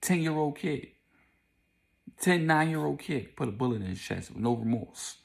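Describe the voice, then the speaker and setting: A man narrating a casual storytime, animated, repeating lines and adding vocal sound effects. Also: a little high, normal speed, creaky.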